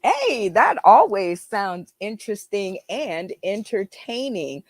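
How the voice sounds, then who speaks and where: A woman hosting a casual interview show, upbeat and quick to laugh, with some hesitant fillers, over a video call. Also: medium pitch, sing-song, dry recording. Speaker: talk show host.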